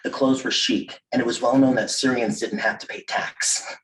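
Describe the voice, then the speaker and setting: A man reads his own memoir prose to an audience in a measured, wry manner, now and then slipping into self-amused asides. He sits some way back from the mic. The room carries a roomy echo and a faint background hum. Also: mid-range voice, steady tone, a bit bright. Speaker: author reading his memoir. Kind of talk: live literary reading of memoir prose. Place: reading event room. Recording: roomy, distant mic at a live reading.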